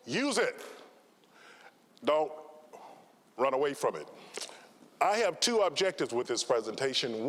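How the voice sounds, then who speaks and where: A man in his sixties, a trial lawyer giving a conference talk and telling stories with dramatic pauses. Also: medium pitch. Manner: slow, dramatic pauses, lively intonation. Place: large conference hall. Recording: long hall reverb.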